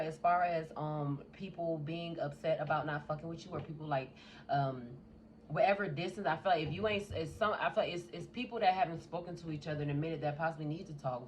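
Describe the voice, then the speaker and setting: A woman's voice: deep voice, a little hiss or hum. Blunt, profane woman tarot reader. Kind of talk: casual tarot reading.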